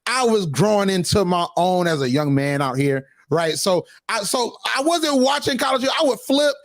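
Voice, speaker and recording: A man in his twenties hosting an interview, chatting in a relaxed, reflective way. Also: high-pitched, moderate pace, no echo, studio quality. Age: 20s. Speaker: interview host. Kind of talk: casual interview chat.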